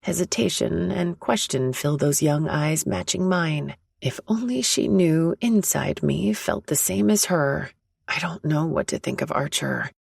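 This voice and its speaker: A woman telling a first-person romance story in a soft, intimate audiobook narration. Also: sits low, lively intonation, measured pace, vocal fry, husky, no room sound, studio quality.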